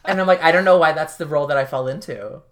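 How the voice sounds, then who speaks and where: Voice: medium pitch, fast, fairly bright tone. A podcast co-host bantering casually, making dry, sarcastic jokes.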